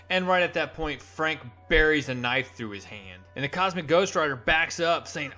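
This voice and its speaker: A man reviewing comics in a casual vlog, retelling the story with animated delivery and frequent restarts. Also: mid-range voice, normal speed, soft background music.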